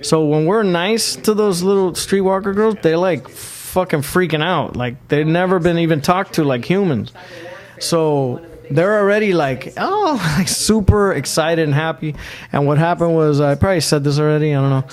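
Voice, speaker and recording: A man's voice: fairly high pitch, normal speed. A man telling crude, boastful stories in casual podcast chat, swearing heavily and drawing out his emphatic lines. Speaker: podcast co-host.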